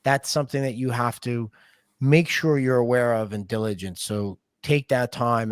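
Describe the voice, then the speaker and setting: A man from New York hosting a podcast, pressing his points home and coaching listeners who are new to the business. His voice sits at a middle pitch. The recording is dry and close. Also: dry recording. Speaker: podcast host. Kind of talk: podcast interview.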